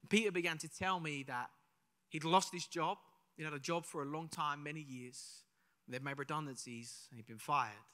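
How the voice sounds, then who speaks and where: A man's voice: fairly high pitch, moderate pace, sharp tone. A young man from England, preaching a live sermon, telling a personal story in a chatty way and asking the audience questions. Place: church hall, live service. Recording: live in a reverberant church hall.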